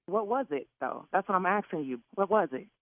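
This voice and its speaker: A woman taking a phone call, talking in a loud, blunt and very expressive way. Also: medium pitch, brisk, no echo. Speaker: caller being pranked. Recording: tinny phone line.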